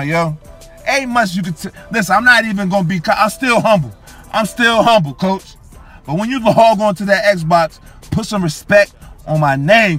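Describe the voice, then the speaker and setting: A young gaming YouTuber gives live commentary on his own football video game match in a high, bright voice. Hyped and boastful, he keeps repeating catchphrases that end in "coach" and "yo," with soft music playing faintly behind him.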